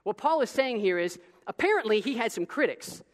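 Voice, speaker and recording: A man preaching a sermon as pastor, in an animated style full of casual asides and quick restarts. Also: very high-pitched. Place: church sanctuary. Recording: long reverb of a large hall.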